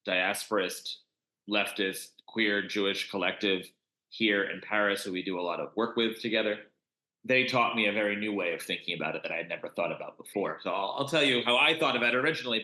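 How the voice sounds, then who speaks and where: A man being interviewed as a congregation organiser, talking passionately with frequent restarts and swings in pitch. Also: sharp tone. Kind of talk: conversational podcast interview. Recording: roomy echo.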